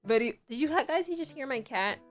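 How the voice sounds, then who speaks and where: A woman's voice: high voice, expressive, brisk, faint music behind. A young woman from Puerto Rico chatting casually on a livestream, giggly and rambling with lots of fillers. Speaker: streamer.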